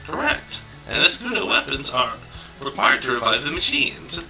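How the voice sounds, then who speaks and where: A man voicing a stern adult woman weaponsmith and commander from a video game, speaking in a measured, formal way. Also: medium pitch, wildly swooping pitch, gravelly, bright, forceful tone, soft background music, heavily acted, poor audio. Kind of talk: reading game dialogue aloud on stream.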